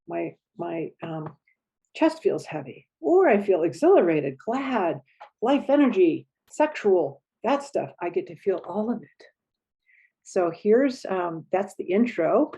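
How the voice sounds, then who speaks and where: A middle-aged woman explaining a relationship skill in a relaxed, conversational teaching style, sometimes acting out short emotional sounds. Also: lowish voice, takes it slowly, breathy edge, dull audio. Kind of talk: casual spoken teaching.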